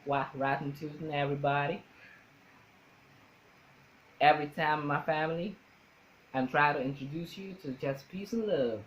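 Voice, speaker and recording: A man's voice: fairly high pitch, fairly even intonation, moderate pace, long pauses, fairly bright tone, a little hiss or hum, lightly acted, rough recording. A man putting on a folksy Southern American man with a Southern US accent.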